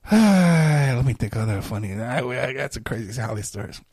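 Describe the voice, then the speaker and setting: A man's voice: mid-range voice, expressive, normal speed, a little mellow, slightly rough, dry recording. A man hosting a podcast, telling a personal story in a rambling casual way with many fillers. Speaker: podcast host.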